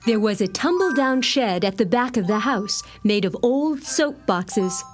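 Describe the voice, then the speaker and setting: A woman narrating an animated storybook in a gentle, measured storytelling manner. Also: on the high side, soft background music.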